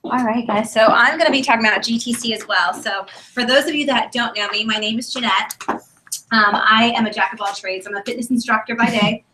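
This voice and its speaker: A woman giving an enthusiastic, emotional testimony speech at a sales meeting, chatty and animated. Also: a little high, brisk, noisy background. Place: meeting room, on a stage. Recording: echoey room from a distant mic.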